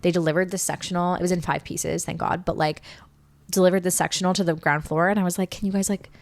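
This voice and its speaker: A woman's voice: lowish voice, fairly even intonation, fast talker. A young woman guest chatting casually as a supportive friend, often chiming in. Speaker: podcast guest, best friend. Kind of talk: casual chat.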